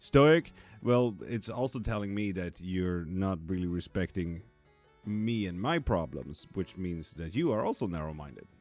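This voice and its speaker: Blunt low-voiced man streaming live. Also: lively intonation, moderate pace, a little mellow, faint music behind. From Sweden. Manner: chatty, blunt, swears casually, answers viewers by name. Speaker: tarot reader streaming live. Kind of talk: casual live-stream chat reading comments. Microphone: streaming mic.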